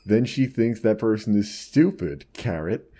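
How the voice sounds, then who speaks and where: A man's voice: fairly low pitch, lively intonation, measured pace, dark tone, breathy edge. Dry-witted man riffing on posts. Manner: dry, wry, reads quotes aloud in a mock voice. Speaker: podcast co-host. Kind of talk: comedic reading and riffing on online posts.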